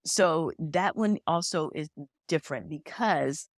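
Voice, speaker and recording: Low-voiced woman telling spirit stories. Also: unhurried, no room sound, clean studio sound. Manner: animated storyteller who acts out quoted dialogue. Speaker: medium, podcast guest. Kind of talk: storytelling conversation.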